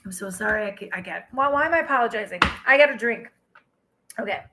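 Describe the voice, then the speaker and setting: A woman giving an excitable live tarot reading to her viewers, exclaiming often and addressing them directly. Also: mid-range voice, quick pace, noisy background. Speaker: tarot reader.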